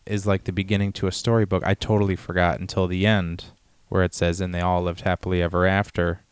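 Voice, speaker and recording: Low-voiced man chatting, smooth and dry. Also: quick pace, dry recording. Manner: relaxed, rambling, many fillers. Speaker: podcast co-host. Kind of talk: casual film discussion.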